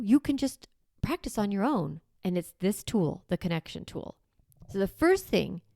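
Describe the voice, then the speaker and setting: A woman's voice: medium pitch, vocal fry, a little mellow, no echo, studio quality. A woman parenting coach hosting a casual podcast. She talks animatedly and acts out the lines she would say to an upset child.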